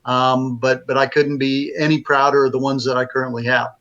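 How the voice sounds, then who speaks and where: A man's voice: mid-range voice, level tone, fairly quick, fairly bright tone, highs cut off. A man, a publisher and author, telling a story in a casual interview, rambling with many fillers and restarts.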